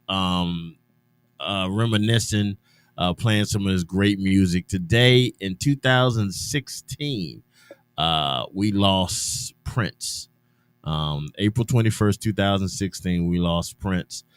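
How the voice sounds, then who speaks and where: Chatty radio host with dry sound. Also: male voice, low-pitched, fairly bright tone, clean tone, dry recording. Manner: loose and chatty, drawn-out hesitations and restarts. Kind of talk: casual radio chat. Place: radio studio.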